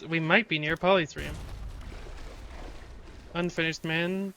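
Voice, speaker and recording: A man's voice: on the high side, fairly even intonation, measured pace, long pauses, bright, forceful tone, a little hiss or hum. A man streaming a video game live, reading its text aloud and reacting with sudden swearing.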